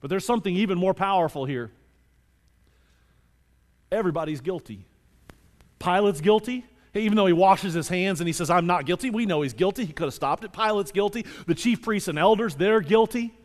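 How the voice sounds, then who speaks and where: A male pastor preaching a sermon with animated delivery, moving between loud emphasis and quiet scripture reading. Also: high voice, brisk, big-room sound.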